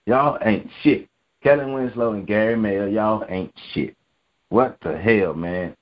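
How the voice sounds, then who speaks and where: A man's voice: fairly low pitch, unhurried. A man hosting a sports podcast, ranting angrily with constant profanity and repetition. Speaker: podcast host. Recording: dull lo-fi podcast audio.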